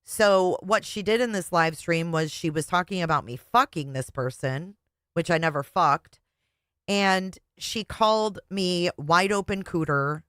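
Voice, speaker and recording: Chatting directly with viewers on a relaxed live stream, a middle-aged woman speaks in a low, fairly bright voice. She is frank, talkative, and swears liberally, and the recording is close and dry with no room echo.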